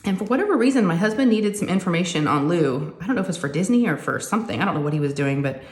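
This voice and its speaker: A woman, chatting casually and telling animated family stories while she crafts at home. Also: lowish voice, very fast, reverberant. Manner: chatty, animated, says "y'all" often. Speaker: crafting vlogger and mother.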